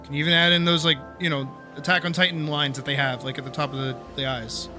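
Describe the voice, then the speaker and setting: A man streaming live, talking casually and getting wildly animated, swearing freely as he demonstrates his art. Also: on the high side, quick pace, over music. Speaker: streamer and artist.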